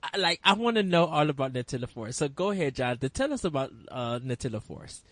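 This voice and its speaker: A man's voice: mid-range voice, very animated, quick pace, fairly bright tone, dry recording. A man hosting a podcast, asking questions in an eager, upbeat way. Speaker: podcast host. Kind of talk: casual podcast chat.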